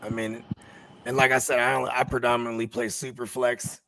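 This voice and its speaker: A man's voice: mid-range voice, little pitch movement, fairly quick, gravelly, fairly bright tone, slight background noise. A man joking in loose, slangy sports talk on a podcast. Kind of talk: casual sports chat.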